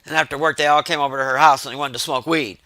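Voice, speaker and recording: A man telling profane, exasperated stories to his stream chat in a casual, animated rant. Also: on the high side, rapid-fire, no room sound.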